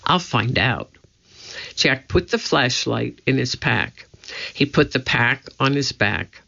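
A man reads a children's storybook aloud, slow and measured, building suspense. His voice is bright with a gravelly grain, and the recording sounds dull and lo-fi. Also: mid-range voice. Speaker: audiobook narrator. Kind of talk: storybook narration.

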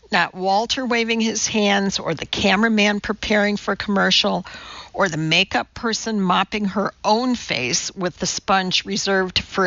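A woman narrating a novel in a measured, even reading. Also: medium pitch, no echo, dull audio. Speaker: audiobook narrator. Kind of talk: scripted narration.

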